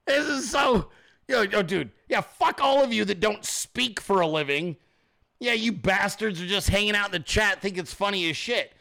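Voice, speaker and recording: This is an ad-libbed political rant on a man's own livestream show, delivered rapidly, with profanity and lots of animation. He has a high voice with vocal fry and occasionally shouts while playing out scenarios.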